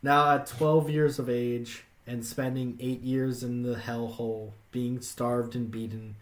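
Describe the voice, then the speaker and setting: A man's voice: mid-range voice, level tone, unhurried. A man casually reading a story aloud as a podcast host, with swearing and laughing asides.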